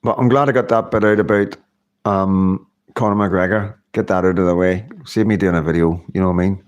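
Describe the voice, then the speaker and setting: Middle-aged guy rambling on his live stream, lowish voice, laughs a lot. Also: steady tone, a little fast. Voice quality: rambling, chatty, laughs often. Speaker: livestream host. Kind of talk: casual live-stream chat.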